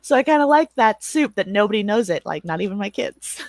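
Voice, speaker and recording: A woman's voice: mid-range voice, animated, brisk, no echo. Chatty laughing woman streamer, dry sound. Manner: chatty and rambling, laughs often, swears casually. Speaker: livestream host and moderator. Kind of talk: casual livestream chat, answering viewers.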